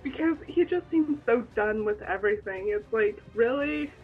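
A woman's voice: mid-range voice, animated, normal speed. A young woman co-hosting a casual fan podcast, dropping dry, wry asides. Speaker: podcast co-host. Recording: dull lo-fi audio with faint music.

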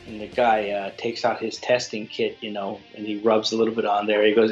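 A man co-hosting a podcast, telling a crude story in a rambling, animated way with lots of restarts. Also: on the low side, a little fast, hardly any pauses, muffled recording, faint music behind. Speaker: podcast co-host. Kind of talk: casual chat, storytelling.

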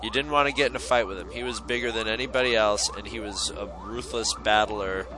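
A man hosting a podcast who tells a profane, animated story in casual chat. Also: lowish voice, a little fast, a crowd in the background, poor audio. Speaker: podcast host.

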